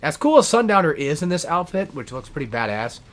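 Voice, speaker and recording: A man's voice: on the high side, sing-song, brisk. A man giving rambling, casual gameplay commentary as a let's player, swearing often and correcting himself as he goes. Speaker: let's play gamer.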